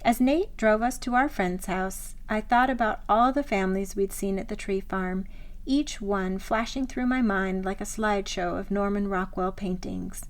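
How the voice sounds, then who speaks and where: A woman author reading her own memoir aloud, in a measured, reflective style of scripted narration. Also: medium pitch, steady tone.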